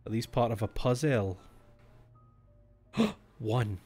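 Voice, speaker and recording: Slow and a little mellow, his fairly low voice carries over faint background music. The young Scot is livestreaming a mystery game, narrating its notes aloud, making jokes and swearing liberally.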